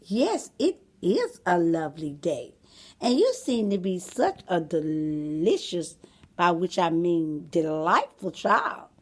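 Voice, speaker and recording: A woman voicing a sly, smooth-talking male wolf in a storybook reading, drawling with slow, sly pauses. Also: on the low side, very animated, darkish tone, exaggerated voice.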